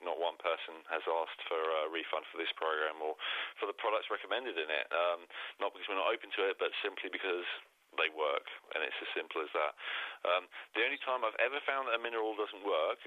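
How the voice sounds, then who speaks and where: A man with a low voice speaks in a measured, earnest way as host of a casual podcast chat. His voice comes through a thin, tinny phone line with a dry, close sound. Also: no room sound.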